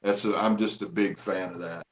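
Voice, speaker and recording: A man co-hosting a livestream, asking questions in a relaxed, casual way. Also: sits low, normal speed, reverberant, low-quality recording. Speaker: co-host.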